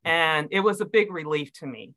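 Bright-voiced, enthusiastic woman. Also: low voice, normal speed, low-quality recording. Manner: enthusiastic, with many fillers and laughs. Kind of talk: casual chat.

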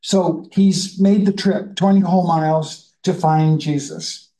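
A Bible study leader in a conversational teaching style, reading scripture slowly and then musing about it in a chatty way. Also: medium pitch, steady tone, dark tone, rough recording.

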